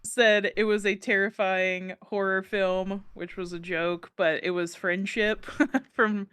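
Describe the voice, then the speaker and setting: A young woman co-hosts a podcast in loose, casual chat and laughs easily. Her voice is smooth and clean, and the recording is dry and close, with no room sound. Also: medium pitch, little pitch movement, takes it slowly, a bit bright, no echo. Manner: laughs often, easygoing. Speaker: podcast co-host.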